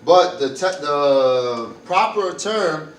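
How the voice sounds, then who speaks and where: A little high and expressive, this man speaks very slowly as he teaches health workers medical Spanish, repeating words, spelling them, and musing aloud. English is his first language, and the rough recording sounds echoey and far from the mic, with slight background noise.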